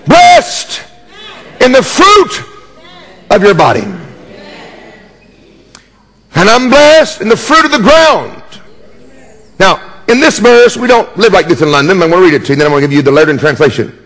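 A man's voice: sits high, very animated, normal speed, pauses often, a bit bright, in a large hall. A man preaching a sermon as pastor, emphatic and jokey, repeating key words and calling for responses.

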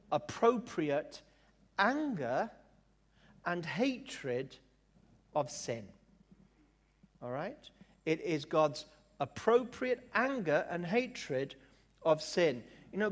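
A man with a fairly high voice preaches a sermon, leaning hard on key words and slowing down to make a point. His voice carries a long reverb, as if he is speaking in a large church hall. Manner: emphatic, drawn-out words, jokey asides.

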